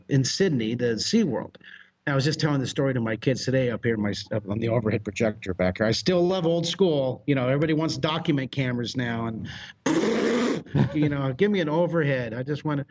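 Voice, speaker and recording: An American man, a drawing teacher, telling a story as a guest with exuberant energy, laughs and shouted sound effects. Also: medium pitch, slightly rough. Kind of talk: animated storytelling.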